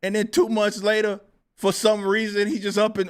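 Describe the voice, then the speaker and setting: A man with a slightly high voice hosts a casual livestream and rants about a feud. He is incredulous and quick to laugh, swears freely, and swings from loud, disbelieving exclamations down to low muttering. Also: little pitch movement, clear, resonant tone. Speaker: livestream host.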